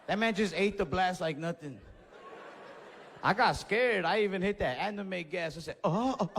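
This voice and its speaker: A man telling a stand-up story into a handheld mic, his voice ringing with a long hall echo. He sits a little high for a man and acts out the people in his tale with lively swings. The delivery is loose and conversational. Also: moderate pace, creaky, slight background noise. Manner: animated, acts out voices and yells in his stories. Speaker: stand-up comedian. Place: comedy club stage. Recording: stage mic in a reverberant venue.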